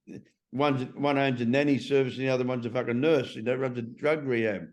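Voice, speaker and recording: A man's voice: medium pitch, fairly even intonation, brisk, highs cut off. A middle-aged man in a casual interview. He is a transformation coach who talks bluntly and swears freely.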